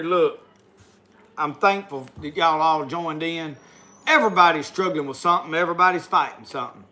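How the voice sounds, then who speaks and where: In a sharp, high-sitting voice, a middle-aged Southern US livestream host keeps things casual with his folksy drawl. He wraps up the stream by saying a prayer aloud.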